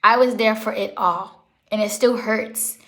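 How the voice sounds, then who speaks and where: A woman's voice: medium pitch, fairly even intonation, measured pace, fairly bright tone. A young woman talking casually in a vlog, earnest and rambling, correcting herself as she goes, emotional and holding back tears. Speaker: pet vlogger.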